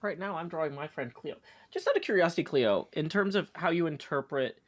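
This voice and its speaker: A man's voice: fairly high pitch, lively intonation, fairly quick. A man co-hosting a live stream, chatting casually while he draws, playfully reading out viewer names and joking about them. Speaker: stream co-host. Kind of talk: casual chat while drawing.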